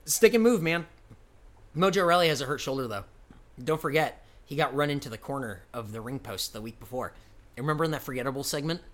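A man's voice: medium pitch, animated, fast talker. A man co-hosting a casual podcast, talking in a rambling, profane way and laughing often. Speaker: podcast co-host.

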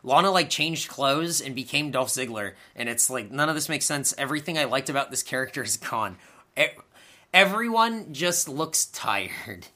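Swearing plenty and sounding sarcastic and exasperated, a man co-hosting a podcast runs through a wrestling recap in casual conversation. His voice is medium-pitched, animated and sharp, at a moderate pace.

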